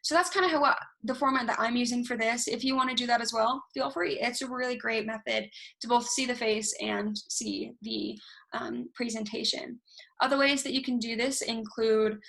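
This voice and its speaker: A young woman presenting a casual online workshop, talking fast and animated, recorded alone over a video call. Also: a little high, creaky. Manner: self-described fast talker, animated, talks with hands. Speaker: university research workshop presenter. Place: alone, recording herself at a computer. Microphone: recorded through video call software.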